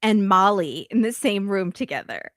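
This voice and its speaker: A woman chatting as a podcast guest, making slow, wry asides. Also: medium pitch, big pitch swings, dry recording, studio quality. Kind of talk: casual chat.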